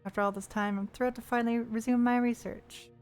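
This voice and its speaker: A playful woman streamer talks over a game, reading its text aloud and tossing in jokes between lines. Her voice sits a little high. Soft game music plays faintly behind her. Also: steady tone, fast. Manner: playful, chatty, reads text aloud with asides.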